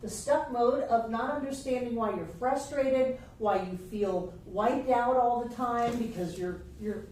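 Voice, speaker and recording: A fairly high-voiced woman leads a class, teasing and lively, voicing people's self-talk for the group. She sounds far from the mic in a very echoey room, with a faint hiss behind her. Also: unhurried, hardly any pauses. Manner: playful, acts out quoted inner voices, laughs often. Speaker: spiritual teacher. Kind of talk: class lecture.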